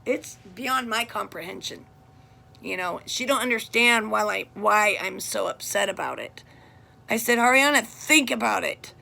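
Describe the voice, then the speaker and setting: A woman's voice: mid-range voice, measured pace, gravelly, bright, forceful tone. A middle-aged woman talking straight to camera about her family, blunt and heated as she vents. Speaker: vlogger. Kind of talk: casual personal monologue.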